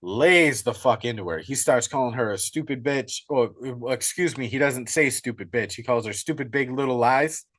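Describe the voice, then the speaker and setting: A young man co-hosting a podcast, retelling a horror film in an excitable, profane, casual way. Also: medium pitch, moderate pace, few pauses. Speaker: podcast co-host. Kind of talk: casual movie recap.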